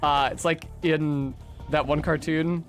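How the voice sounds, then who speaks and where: A man streaming a video game, giving excitable, profane commentary and talking to himself as he plays. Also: a little high, slow, faint music behind. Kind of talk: casual gameplay commentary.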